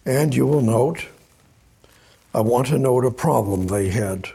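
A man's voice: mid-range voice, lively intonation, unhurried, gravelly, mellow, slightly rough. A man preaching a sermon, reading scripture aloud in a conversational, repetitive way. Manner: conversational, repeats words, reads scripture aloud. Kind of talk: sermon, Bible study.

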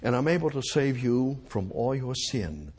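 A man preaching a sermon, speaking as God in a calm, insistent, commanding way. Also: mid-range voice, moderate pace, husky. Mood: solemn.

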